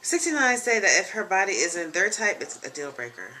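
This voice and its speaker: A woman's voice: medium pitch, very animated, fairly quick, bright, forceful tone, a little hiss or hum. A young woman hosting her own casual web show from a chair at home, chatty, frank and joking, with plenty of ums and asides. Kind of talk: casual chat. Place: home room, seated in a leather chair.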